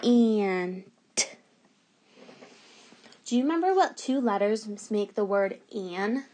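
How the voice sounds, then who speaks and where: A woman's voice: on the high side, animated, moderate pace, dark tone. A woman teacher giving a remote phonics lesson to young children, patiently sounding out letters and words.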